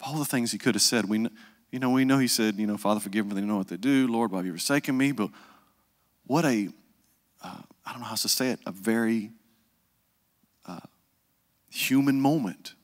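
Pastor preaching in a reverberant hall. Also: male voice, on the low side, brisk, pauses often. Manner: conversational preaching, acts out quoted voices, drops to hushed tones. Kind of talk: sermon.

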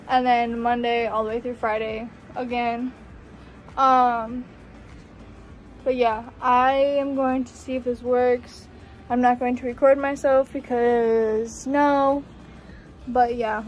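A woman's voice: high-pitched, darkish tone. A young woman chatting casually in a home vlog, gushing and swearing freely, with lots of "like"s. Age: young adult. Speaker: vlogger.

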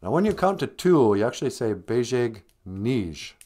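This mid-range male voice swings widely in pitch, moves at a normal speed, and has a warm tone. He's hosting a relaxed live stream, teaching words amid playful banter, teasing the audience and pretending to scold them sternly for laughs.

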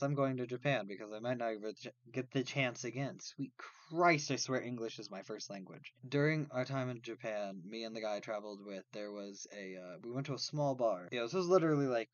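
Brief: young American man, comic storyteller, animated with loud acted bursts, dry and slightly dull home recording. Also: medium pitch, no echo. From United States. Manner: animated, acts out quotes with sudden loud outbursts. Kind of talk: comedic storytelling.

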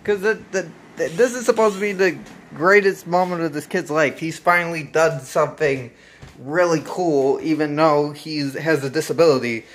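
A man's voice: on the high side, fairly even intonation, normal speed, fairly bright tone. A man hosting a casual, profane movie recap, laid-back and laughing often. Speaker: host.

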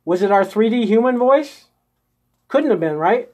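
A man's voice: high-pitched, lively intonation, normal speed, a little mellow. A man hosting a live-streamed spiritual coaching session, guiding viewers step by step through an inner exercise and checking in with them constantly. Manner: coaxing, checks in constantly with "okay?" and "right?". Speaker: host of a live group session.

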